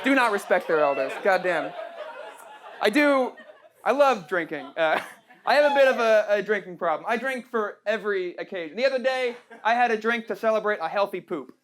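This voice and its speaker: With a mid-range voice and lively intonation, a young trans woman performs a sarcastic, punchy stand-up set on a small club stage, talking a little fast. Her brash style leans on "right?" tags, and audience laughter and some chatter can be heard behind her.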